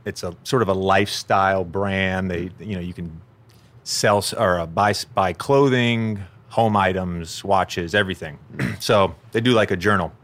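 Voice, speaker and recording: A man hosting a podcast, telling stories in a relaxed, rambling way that often corrects itself mid-sentence. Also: deep voice, moderate pace. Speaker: podcast host. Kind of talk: casual storytelling chat.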